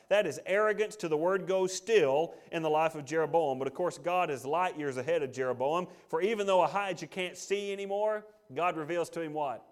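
Male pastor, high voice, dramatic sermon storyteller. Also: fairly quick, few pauses. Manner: dramatic, acts out the story's quotes.

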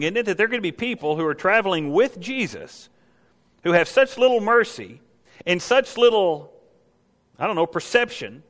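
A man preaching with a fairly high, animated voice, leaning on rhetorical questions and acting out the story for his listeners. His sermon rings out with a long reverb, as if in a large hall. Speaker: pastor.

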